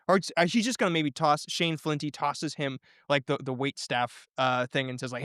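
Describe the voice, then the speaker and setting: A man with a fairly high voice hosts a collaborative story podcast and talks through plot ideas in a loose, thinking-aloud way. He pauses on ums and restarts his sentences. The sound is dry and close, with no room around it. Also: fairly even intonation, a bit bright, no room sound. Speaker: game master and podcast host. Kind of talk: casual story-planning chat.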